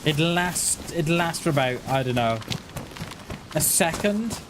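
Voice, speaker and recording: A man with a voice on the high side and lively intonation speaks unhurriedly during a casual gaming stream. He rambles on, chuckling often and mocking himself here and there. Background noise fills the recording.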